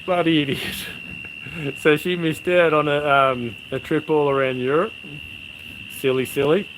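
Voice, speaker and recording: A man's voice: fairly high pitch, steady tone, a little slow, noisy background. A middle-aged Australian man, a livestream host, rambling through stories and chatting casually with his viewers outdoors at night. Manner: rambling, laid-back storyteller, matey. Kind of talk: casual chat with live viewers. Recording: crickets and insects chirping behind.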